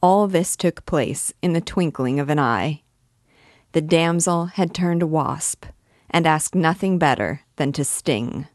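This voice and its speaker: A woman reading a classic novel aloud with measured, expressive narration. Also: low voice, dry recording, clean studio sound. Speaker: reader and guide of a book.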